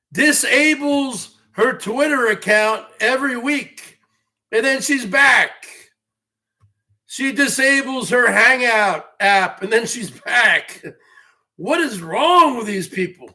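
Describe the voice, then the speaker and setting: A man hosting a livestream, ranting and mocking viewers, often breaking into shouts. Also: very high voice, expressive, slow pace, long pauses. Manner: mocking, scolding, bursts into shouting. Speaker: livestream show host.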